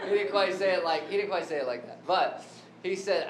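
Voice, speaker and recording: A man's voice: a little fast, few pauses. A man preaching a sermon who keeps asking the congregation questions. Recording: echoey room with faint rumble.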